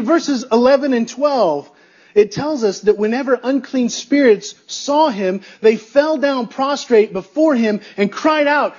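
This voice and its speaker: A man with a high voice preaching a sermon as a pastor. He hammers home his points by repeating key phrases and throwing rhetorical questions at the listeners. The recording sounds dull and a little muffled. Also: darkish tone, slightly rough.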